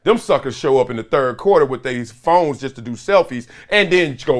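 Animated man hosting a sports show. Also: on the high side, moderate pace. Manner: animated storytelling, acts out quotes and sounds. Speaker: podcast host. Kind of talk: solo sports commentary.

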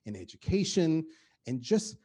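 A middle-aged man, a guest on a podcast, talking in an energetic and emphatic way and repeating words for effect. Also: fairly high pitch, unhurried, slightly rough. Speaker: guest, marketing executive. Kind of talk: animated podcast conversation.

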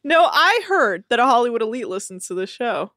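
A woman's voice: on the high side, very animated, fairly quick, fairly bright tone, no echo, studio quality. A woman co-hosting a podcast in casual chat, sarcastic, swearing freely and laughing often. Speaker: podcast co-host.

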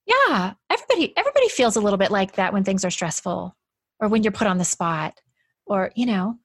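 A woman's voice: medium pitch, big pitch swings, fairly quick, husky, no echo, clean studio sound. A woman talking as a podcast guest in a casual, chatty conversation, with lots of "like" fillers and frequent laughs.

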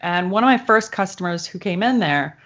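A woman's voice: mid-range voice, expressive, normal speed, a bit bright. A young woman from Michigan, co-hosting a podcast and chatting casually, telling rambling stories and swearing freely. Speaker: podcast co-host. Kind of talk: casual chat. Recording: dull lo-fi sound.

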